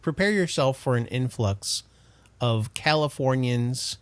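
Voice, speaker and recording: A man talks casually on a podcast in an emphatic, animated way, laughing often. His voice is mid-pitched and sits dry and close to the mic with no room sound. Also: unhurried, clean tone, no room sound. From Detroit. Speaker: podcast co-host. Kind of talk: casual chat.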